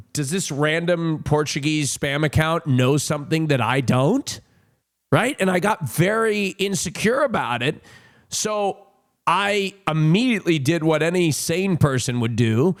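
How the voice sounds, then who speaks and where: A young man chatting casually on a livestream at home, rambling and self-mocking with lots of fillers. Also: on the high side. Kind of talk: casual chat. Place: home streaming room.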